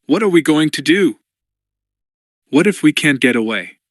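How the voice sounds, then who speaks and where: A man voicing a weary, anxious young woman who speaks softly and hesitantly in an audiobook. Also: on the high side, lively intonation, normal speed, no echo, studio quality, voice pushed up, natural voice. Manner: soft, pleading, uncertain.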